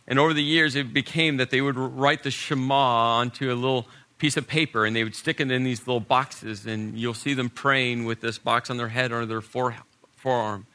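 Bright-voiced man preaching a sermon. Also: mid-range voice, steady tone, normal speed. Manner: storytelling preacher, rising to emphasis then dropping soft. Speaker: pastor.

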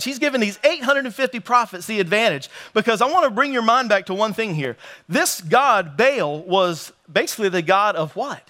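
A young man preaching a sermon, joking with the crowd, reading scripture slowly and acting out the quoted taunts with energy. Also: sits high, bright, forceful tone. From North Carolina. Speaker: pastor.

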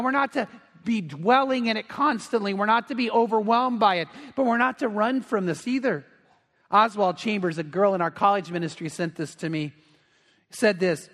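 A middle-aged man delivers a sermon in an earnest, pleading way, pressing harder on his key points. His voice sits high for a man. The sound carries a long, ringing reverb from a large sanctuary. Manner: earnest, swells louder on emphatic points. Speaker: pastor.

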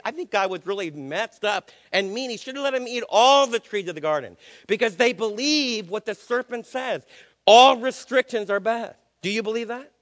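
Emphatic older preacher man, high voice. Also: a bit bright, long reverb tail. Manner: emphatic, preachy, asks the crowd questions. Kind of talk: sermon.

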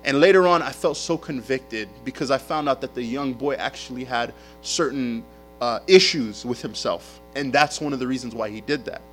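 A man preaching a sermon as a pastor, telling stories in an animated way with casual slang. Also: medium pitch, normal speed, faint music behind.

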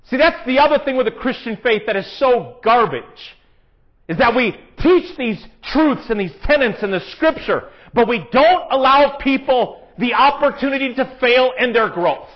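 High-voiced man preaching a sermon. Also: lively intonation, normal speed. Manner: earnest, conversational preaching with emphatic rises. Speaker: pastor. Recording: dull, lo-fi sound.

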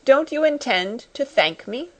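A woman's voice: sits high, animated, measured pace, voice pushed up. A woman reading the part of a stern, domineering schoolmistress in a storybook, with a cold, commanding, scolding manner. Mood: indignant.

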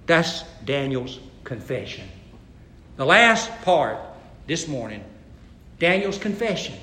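A man preaching a sermon as pastor, swinging between hushed low lines and loud, emphatic exhortation. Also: big pitch swings, a little slow, echoey room.

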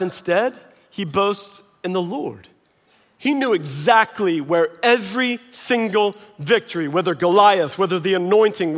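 A middle-aged male pastor with a high-sitting voice preaches a sermon in an animated, conversational style, sometimes sinking into quiet intensity. The sound carries the feel of a big room.

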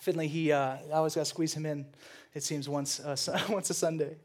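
Animated, joking young pastor with a high voice. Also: male voice, brisk. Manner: animated, joking, laughs often. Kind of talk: sermon.

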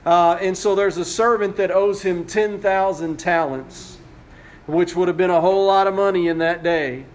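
A man's voice: high-pitched, steady tone, moderate pace. A male pastor preaching a sermon, retelling a story conversationally with frequent restarts.

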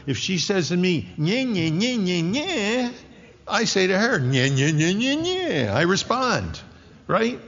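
A man in his sixties preaching a sermon, joking lightly at first and then dropping to a hushed, whispered intensity. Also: fairly high pitch, vocal fry. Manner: animated, jokey asides that drop to hushed, whispered intensity. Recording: dull lo-fi recording with long hall reverb.

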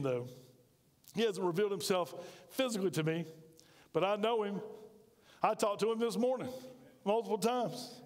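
A man's voice: high-pitched, in a large hall. A man preaching a sermon to his congregation, talking in a conversational way and asking them rhetorical questions. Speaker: pastor. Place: church sanctuary.

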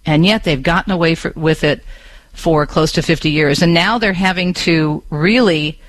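This is a man hosting a radio talk show in a studio, switching between impassioned comment and straight news reading. His voice sits fairly high for a man, and the studio microphone makes it sound close and dry. He talks straight to his listeners in a chatty way. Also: moderate pace, a bit bright, no echo, low-quality recording. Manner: impassioned, with rhetorical questions.

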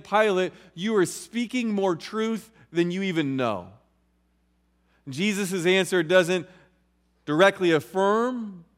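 Man, pastor, expository sermon, raised pitch, reverberant sanctuary. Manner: expository preaching, reading scripture aloud and explaining it.

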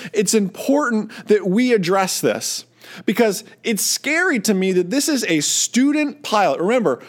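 High-voiced man telling flying stories. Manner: storytelling, acts out quoted students. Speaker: flight instructor. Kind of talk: casual teaching talk.

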